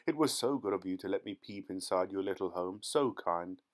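A man's voice: deep voice, moderate pace, natural voice. A man voicing a fussy, ingratiating male antiques dealer posing as a parson, overly polite and wheedling.

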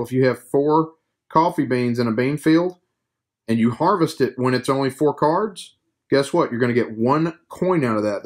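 A man hosting a casual board game review, joking around while he explains the rules step by step. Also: medium pitch.

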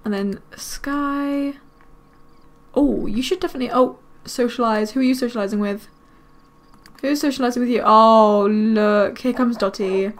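A woman giving casual let's-play commentary, chatting to her game characters with quick excited exclamations. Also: a little high. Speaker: gaming video creator.

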